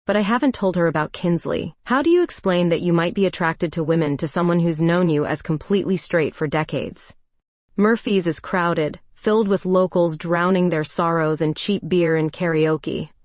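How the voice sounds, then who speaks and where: A woman narrating a first-person story in a reflective, even way. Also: fairly low pitch, normal speed, no echo.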